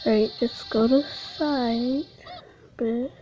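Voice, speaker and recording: A woman's voice: fairly high pitch, takes it slowly, dark tone, muffled recording, soft background music. Jumpy woman playing a horror game. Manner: nervous, jumpy, giggly. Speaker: gamer.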